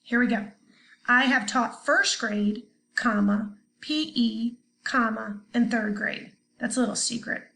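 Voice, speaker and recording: A woman teacher talks straight to her young students in a recorded distance-learning grammar lesson. Her voice sits a little high, and she keeps a chatty, upbeat manner. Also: steady tone, slow, creaky, sharp tone. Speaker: third grade teacher.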